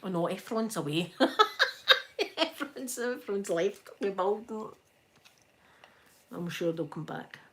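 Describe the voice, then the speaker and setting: While ironing in her home, a Scottish woman runs a casual ASMR live stream, chatting with viewers and laughing often. Her mid-range voice has lively intonation, and she takes things slowly with long pauses.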